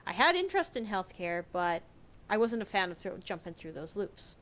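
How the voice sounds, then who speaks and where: A woman's voice: mid-range voice, very animated, normal speed, a bit bright. Candid young woman retelling a hard time. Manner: candid, emotional retelling with many fillers and self-corrections. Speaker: vlogger. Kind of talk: casual personal storytelling.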